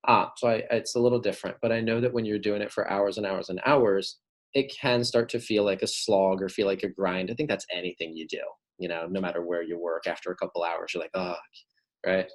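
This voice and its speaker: A man's voice: deep voice, steady tone, brisk. Man coaching his staff, checking in often. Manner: frequent "right?" checks, acts out phone calls. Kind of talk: casual coaching talk.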